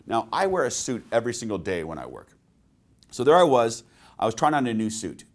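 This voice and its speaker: Male sales trainer for a webinar: animated pitch, storytelling delivery, peppered with rhetorical questions. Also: fairly quick. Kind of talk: webinar presentation.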